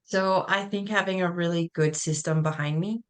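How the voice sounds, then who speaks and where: A woman's voice: lowish voice, steady tone, moderate pace, clear, resonant tone. A young woman and new mother, a former athlete, talking candidly and casually as a guest in a video-call webinar. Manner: candid, chatty, self-deprecating.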